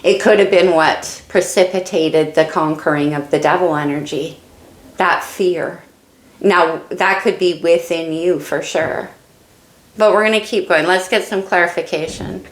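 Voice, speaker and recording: A woman's voice: lowish voice, fairly even intonation, unhurried, roomy sound, low-quality recording. A woman doing a casual tarot reading, musing and thinking aloud as she turns each card. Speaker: tarot reader.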